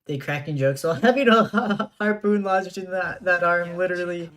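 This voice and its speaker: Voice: medium pitch, moderate pace, fairly bright tone. A streamer chatting casually during a live gameplay stream, laughing often and reacting to chat.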